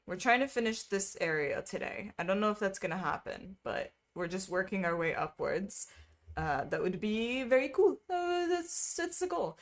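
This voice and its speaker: A young woman streaming, chatting casually with her viewers, reading their messages aloud and laughing often. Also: moderate pace. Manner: chatty, reads chat aloud, laughs often, lively pitch swings. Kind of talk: casual chat with live chat.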